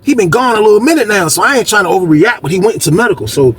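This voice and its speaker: A man telling a story from prison life in a casual, animated way, acting out what people said with sudden jumps in voice. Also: racing, husky. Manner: animated, acts out quotes with big pitch jumps.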